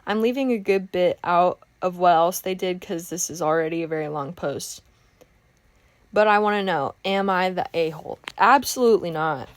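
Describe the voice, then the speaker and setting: A young woman chatting casually while painting, telling a work storytime in an animated, exclamatory rant. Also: lowish voice, moderate pace, dry recording. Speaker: art vlogger telling a story time.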